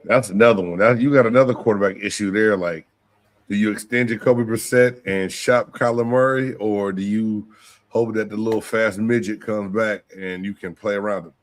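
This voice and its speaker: A man co-hosting a casual sports debate show, joking with his partner and calling him bro, with sudden animated outbursts. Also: fairly low pitch, normal speed. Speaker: co-host.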